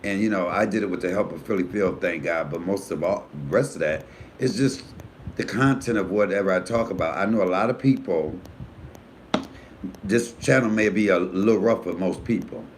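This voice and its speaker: A man who is a comedian hosting his own live stream, chatting casually and frankly, with animated storytelling and cussing. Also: moderate pace, slight background noise. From United States. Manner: animated storytelling, voice jumping high for quoted friends; profanity-laced, frank. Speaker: comedian and YouTube host.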